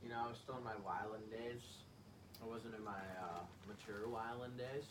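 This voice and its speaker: A man's voice: fairly low pitch, steady tone, normal speed. A young man hosting a podcast, teasing his friend with profane banter in casual chat. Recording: distant mic with clear background noise.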